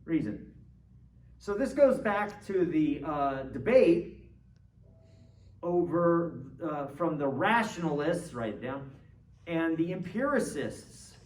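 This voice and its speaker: A man's voice: on the high side, big pitch swings, slow pace, pauses often. A man teaching a philosophy class in a conversational way, quizzing his students and checking in with them often. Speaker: philosophy lecturer. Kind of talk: classroom lecture. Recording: roomy classroom, distant mic, faint noise.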